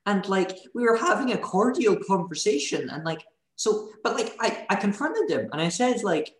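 Scottish woman, union organizer, sweary and animated storyteller; roomy echo around her mic. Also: fairly low pitch, normal speed, hardly any pauses. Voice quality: animated, profane. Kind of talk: casual podcast chat, storytelling.

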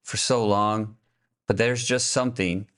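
A man voicing a talking male stray dog in a spoken short story, speaking quietly, sadly and gravely. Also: fairly low pitch, fairly even intonation, measured pace.

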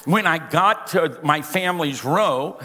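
A man's voice: fairly high pitch, animated, measured pace, bright, forceful tone. A man from Louisiana preaching a folksy, self-deprecating storytelling sermon, with a big carrying voice and talk from the side of his mouth. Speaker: pastor. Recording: reverberant hall.

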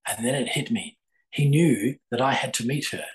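A man's voice: medium pitch, moderate pace, poor audio. Older man telling a story. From Australia. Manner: rambling, many fillers and restarts. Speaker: guest, psychic author. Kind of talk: storytelling in a podcast interview.

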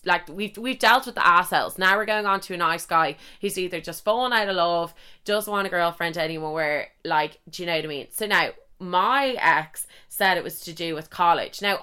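A woman's voice: lowish voice, clear, resonant tone. A young woman hosting a podcast, talking frankly and casually with lots of swearing and acted-out asides. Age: young adult. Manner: chatty, frank and swearing, with lively quoted asides. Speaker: podcast host. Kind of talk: casual solo podcast chat.

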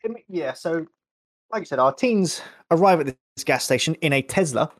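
A man's voice: fairly high pitch, animated, moderate pace. A young man co-hosting a podcast, chatting casually and rambling through a film review. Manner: rambling, self-correcting, chatty. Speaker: podcast co-host.

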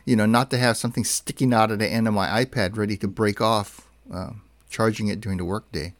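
A man's voice: lowish voice, steady tone, fairly quick, no room sound. A man co-hosting a casual tech podcast, chatty and rambling, often correcting himself mid-sentence. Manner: chatty, rambling, self-correcting with many fillers. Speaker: podcast co-host.

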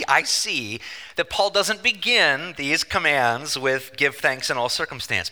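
A man preaching in a lively, swooping voice with a very bright, forceful edge. He drives his points home emphatically and slips in joking asides. His voice rings out with a long reverb through a church hall. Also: fairly high pitch. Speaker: pastor. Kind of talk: sermon. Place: church sanctuary.

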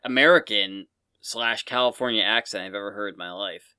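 A man's voice: on the low side, fairly quick, bright, forceful tone, smooth, no echo, clean studio sound. A man co-hosting a podcast in casual chat, wry and teasing. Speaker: podcast co-host.

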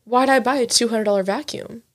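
A woman's voice: a little high, fairly quick. A young woman in her twenties co-hosting a casual chat show, candid and swearing freely, acting out the voices of people in her stories. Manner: candid, swears freely, acts out quoted dialogue. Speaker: podcast co-host.

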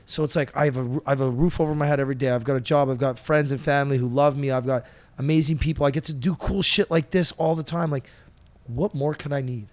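A man hosting a podcast, an animated storyteller who swears casually. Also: medium pitch, fast, no room sound. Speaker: podcast host. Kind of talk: casual chat.

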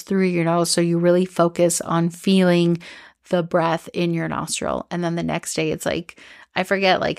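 A woman's voice: fairly low pitch, no room sound, studio quality. A young woman hosting a podcast, telling a personal story in a candid, rambling way with lots of "like" and restarts. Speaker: podcast host.

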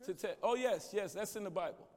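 High-voiced male preacher, call-and-response, booming through a reverberant sanctuary. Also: brisk. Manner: shouts at peaks, drops low and quiet elsewhere. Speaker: guest preacher. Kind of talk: conference sermon. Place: large church sanctuary. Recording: echoey church hall.

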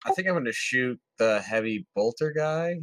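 Bright, animated male player; eager, casual banter, dry sound. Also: mid-range voice, moderate pace, no echo. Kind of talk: casual tabletop game play.

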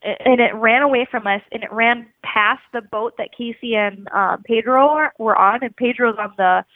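A woman with a slightly high voice tells an animated story in casual, loose speech, leaning on "like" and swearing freely. She comes through a narrow, phone-like line with a dry, close sound and no room around her. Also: normal speed, no room sound.

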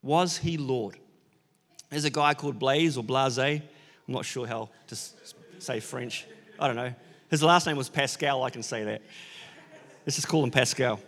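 A man's voice: medium pitch, moderate pace, pauses often, a bit bright, in a large hall. A man preaching an Easter sermon, earnest and building to emphatic declarations, with casual asides and fillers. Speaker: pastor.

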